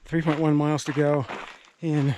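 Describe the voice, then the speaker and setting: Tired guy puffing up a trail, talks slow and a bit high, noisy outdoor mic. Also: darkish tone. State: out of breath. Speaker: trail runner vlogging a race. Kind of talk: breathless self-filmed race diary. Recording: noisy outdoor camera audio.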